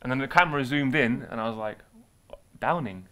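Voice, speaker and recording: A young man co-hosting a casual football chat show, jokey and quick to laugh. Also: mid-range voice, smooth. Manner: excitable, jokey, laughs often. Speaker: co-host. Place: studio in London.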